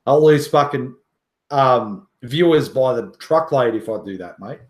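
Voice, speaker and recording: A man's voice: mid-range voice, animated, measured pace, a little mellow, echoey room. A man hosting a casual livestream who jokes, boasts, swears casually and laughs often. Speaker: livestream host.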